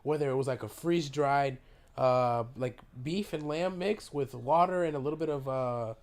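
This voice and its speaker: A man hosting a podcast, telling a story in a casual, animated way, swearing freely, his voice worn by a sore throat. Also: medium pitch, normal speed. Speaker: podcast host. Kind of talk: casual chat.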